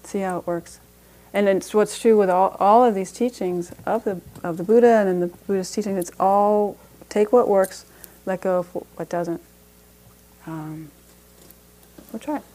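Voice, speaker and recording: A woman's voice: mid-range voice, moderate pace, pauses often, warm tone. A woman teaching a parenting class as a meditation teacher, talking conversationally with frequent restarts and light laughs.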